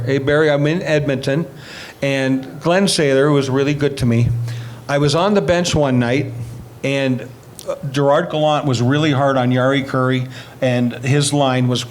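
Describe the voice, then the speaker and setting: Middle-aged guy spinning hockey stories, acts out the voices, bit higher pitch. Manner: animated anecdotes, acts out quoted voices. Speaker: retired hockey player telling stories. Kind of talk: storytelling interview.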